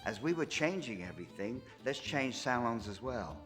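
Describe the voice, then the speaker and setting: A man's voice: medium pitch, expressive, moderate pace, music in the background. A man from London recalling his working life in a documentary interview, reflective and candid.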